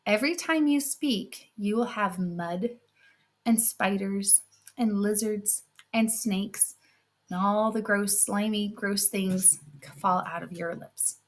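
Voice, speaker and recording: A solemn fairy princess out of a fairy tale , as told by a woman. She pronounces her words slowly and with great weight. Her speech is measured and deliberate. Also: medium pitch, lightly acted. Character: solemn fairy princess granting a blessing or curse.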